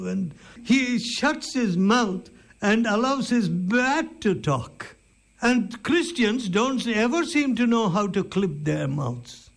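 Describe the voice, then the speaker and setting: A man delivers a sermon in a high, gravelly voice. He speaks slowly and emphatically, leaning on rhetorical questions and dramatic pauses. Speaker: preacher.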